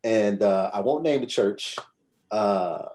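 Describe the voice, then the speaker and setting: Slow and dark in tone, a man with a fairly low voice rambles through a story as a podcast guest. He keeps things conversational, frequently dropping "you know what I'm saying."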